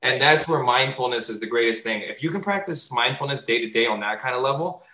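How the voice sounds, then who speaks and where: A man talking casually on a podcast, animated and swearing freely, often jumping into loud high voices to act out bits. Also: fairly quick, reverberant, poor audio. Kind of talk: casual chat.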